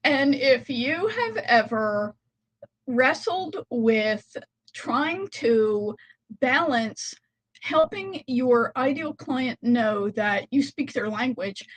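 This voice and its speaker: A woman with a fairly high voice chats informally straight to her laptop from inside a house. She corrects herself now and then as she explains her ideas. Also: low-quality recording. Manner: chatty and informal, with small self-corrections. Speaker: content strategist. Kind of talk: casual talking-head video. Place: house, indoors. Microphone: laptop built-in mic.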